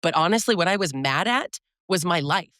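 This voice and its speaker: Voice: medium pitch, animated, a little fast, pushed and bright, no echo, studio quality. A therapist guest on a podcast who talks frankly and thoughtfully, often searching for words while reflecting. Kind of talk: reflective conversational talk.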